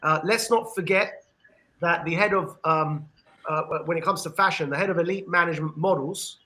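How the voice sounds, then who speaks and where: A man with an English accent giving an earnest discussion monologue on a podcast, with frequent pauses and restarts. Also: on the high side, sharp tone, poor audio. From England. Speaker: podcast panelist.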